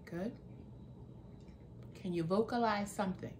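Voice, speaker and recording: Slow-talking chatty woman cooking vlogger. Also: mid-range voice, background noise. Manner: chatty, laughs often, addresses viewers as guys. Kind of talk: casual cooking vlog.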